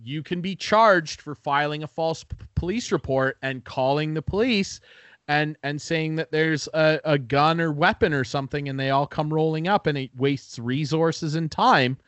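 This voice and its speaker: A podcast host with a somewhat high voice tells a story in loose, profane chat. He jumps into the voices of the people he quotes. The sound is dry, with no room echo. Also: normal speed, fairly bright tone.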